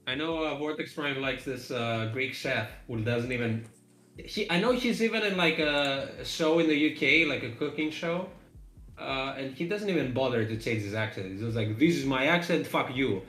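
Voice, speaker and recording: A man's voice: mid-range voice, expressive, moderate pace, a bit bright, echoey room. A man co-hosting a game development live stream, chatting casually and rambling with lots of fillers and laughs.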